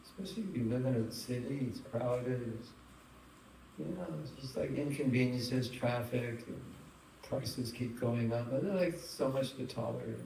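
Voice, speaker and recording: A man's voice: mid-range voice, fairly even intonation, normal speed, creaky, mellow. A man giving a spiritual talk to a live audience, chatty and engaging, asking the room questions and telling funny stories. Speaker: spiritual teacher. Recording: roomy hall, distant mic, faint noise.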